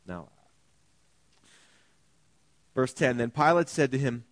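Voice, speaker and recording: Guy preaching a sermon, acts out the people in the story, loud then soft, dry close mic. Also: normal speed, long pauses, no echo. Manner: animated, acts out biblical characters with shifting pitch and volume. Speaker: pastor.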